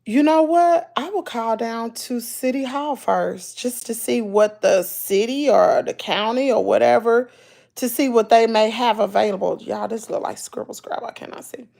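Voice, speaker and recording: A woman's voice: a little high, a little slow, gravelly, darkish tone. A woman with a Southern US accent chatting casually to her livestream viewers, folksy and preachy, repeating herself for emphasis. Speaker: YouTuber talking to live chat.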